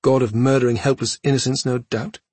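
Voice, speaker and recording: A man voicing a panicked alien traveler in a much higher, rushed, pleading voice. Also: little pitch movement, breathy edge, no echo. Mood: snarling.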